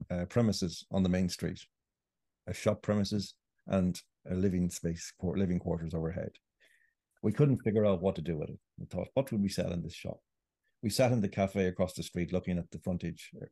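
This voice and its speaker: Deep-voiced Irish man arguing earnestly. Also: vocal fry, mellow, husky, no echo, clean studio sound. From Ireland. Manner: earnest, argumentative monologue. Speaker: guest writer. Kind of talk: podcast interview.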